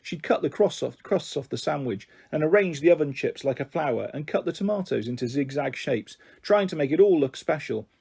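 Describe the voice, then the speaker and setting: Mellow, husky male storyteller. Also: a little high, animated, brisk, few pauses. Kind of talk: reading a children's novel aloud.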